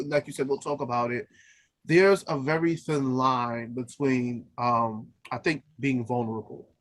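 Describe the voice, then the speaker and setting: A man who is an opera singer, co-hosting a podcast in casual chat, laughing easily and trailing off and restarting as he tells stories. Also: medium pitch. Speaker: podcast co-host.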